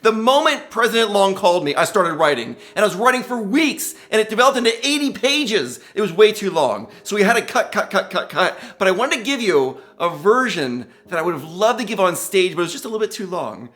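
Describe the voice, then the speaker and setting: Exuberant, high-pitched motivational speaker man. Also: animated, fairly quick, hardly any pauses, a bit bright. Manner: exuberant, gushing, keeps exclaiming and addressing listeners as guys. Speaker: commencement speaker. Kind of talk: motivational speech.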